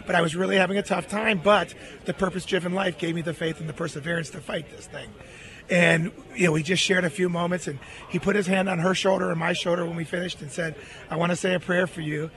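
A middle-aged man, an interview guest, telling a long personal story in an earnest, animated way. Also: high voice, quick pace.

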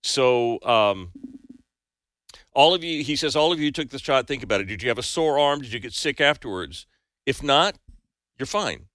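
A man's voice: mid-range voice, expressive, moderate pace, long pauses, a bit bright, no room sound, clean studio sound. A man co-hosting a casual talk show, chatty and joking, with many restarts as he tells stories and reads out news. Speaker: news segment host.

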